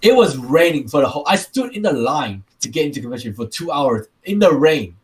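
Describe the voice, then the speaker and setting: A man's voice: fairly high pitch, very animated, fairly quick. Man, Taiwanese accent, casual podcast chat, rambling, repeats himself. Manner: rambling, repeats and restarts words. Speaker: podcast co-host.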